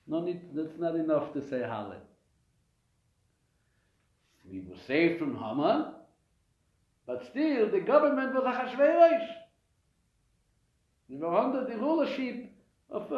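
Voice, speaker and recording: A rabbi delivers a live weekly Torah lecture in an echoey room with dull, lo-fi sound. His slightly high male voice is animated as he asks and answers his own questions, with frequent hesitations and restarts.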